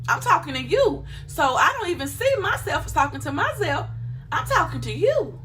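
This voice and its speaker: A woman giving casual YouTube channel advice, animated and playful, acting out quick voices of others. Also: extremely high pitch, a little hiss or hum. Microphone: phone camera.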